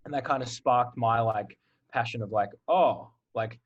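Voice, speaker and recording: A man's voice: mid-range voice, normal speed, slightly rough, dull audio. A young Australian man in his twenties, a college football player, chatting candidly as a podcast guest with lots of "like" fillers. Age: 20s. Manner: relaxed, candid, filler-heavy. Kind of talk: casual podcast interview.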